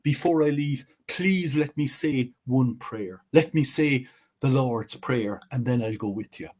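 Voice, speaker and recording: A man voicing the Carruach, a crafty healer who calmly tricks Death. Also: mid-range voice, measured pace, breathy edge. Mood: sly. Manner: sly, calm and cheerfully tricky.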